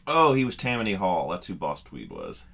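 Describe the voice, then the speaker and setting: Low, bright-toned man explaining casually. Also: wildly swooping pitch, brisk, gravelly, breathy edge. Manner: explains history in a loose, offhand way. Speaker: podcast co-host. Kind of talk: casual comedic chat.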